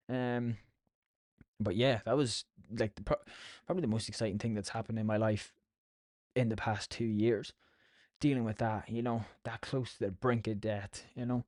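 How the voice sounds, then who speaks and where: A man's voice: mid-range voice, fairly even intonation, normal speed, darkish tone, no room sound, studio quality. Irish man rambling on a solo podcast. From Ireland. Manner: swears a lot, chatty and self-mocking. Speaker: podcast host. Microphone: podcast mic.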